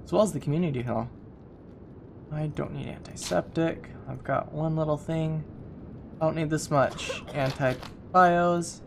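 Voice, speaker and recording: Man, gaming commentary, chatty, jokey, a bit high-pitched, noisy background. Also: a little slow, creaky. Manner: chatty, jokey, talks to himself while playing. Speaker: gaming YouTuber. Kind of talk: casual let's-play commentary.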